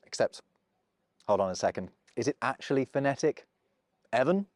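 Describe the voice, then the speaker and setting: A man's voice: mid-range voice, animated, normal speed, dry recording, studio quality. A man with a British received pronunciation accent giving a scripted, precise explainer narration. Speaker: language video presenter.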